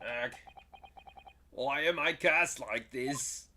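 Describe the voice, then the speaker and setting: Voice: mid-range voice, drawn-out words, bright, forceful tone. A player reading aloud from a mystery game, voicing a melodramatic young man who is sure he is cursed and wails about it in a theatrical way. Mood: defiant. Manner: theatrical, wailing.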